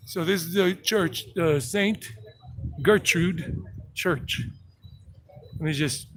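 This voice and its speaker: A man's voice: fairly high pitch, slow, pauses often, fairly bright tone. Chatty man vlogging on a noisy street. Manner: chatty, joking asides. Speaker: travel vlogger. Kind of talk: casual walking tour live stream. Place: outdoor town streets. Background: street noise and vehicles.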